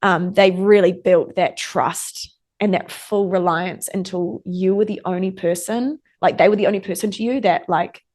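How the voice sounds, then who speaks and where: A woman's voice: medium pitch, fairly even intonation, moderate pace, a little mellow. A young woman sits in for a casual interview. She tells her stories in a loose, chatty way full of fillers and acts out what people said to her. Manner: chatty storyteller, lots of "like", acts out quoted exchanges. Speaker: interview guest.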